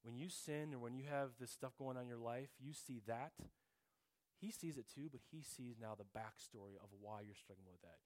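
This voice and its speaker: A middle-aged man giving a heartfelt testimony in church, earnest and often dropping to a soft, quiet tone, sometimes repeating words as he searches for a phrase. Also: mid-range voice, a little fast. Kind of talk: sermon testimony.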